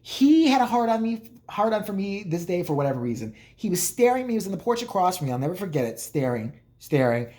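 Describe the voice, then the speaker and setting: A man's voice: high-pitched, big pitch swings, fast, hardly any pauses, darkish tone. Profane, joking man telling stories. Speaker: vlogger. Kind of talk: casual storytelling.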